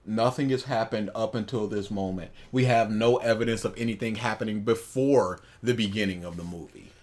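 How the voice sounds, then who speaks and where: A man co-hosting a casual podcast, reacting in an animated, incredulous way. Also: on the low side, fairly quick. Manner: animated, incredulous, rants with acted quotes. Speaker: podcast co-host.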